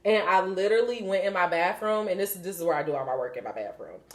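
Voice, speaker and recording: A woman's voice: fairly low pitch, lively intonation, quick pace. A young woman hosting a podcast, chatting candidly about spiritual signs in a rambling, swearing way. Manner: rambling and profane, with many fillers. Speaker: podcast host. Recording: roomy echo.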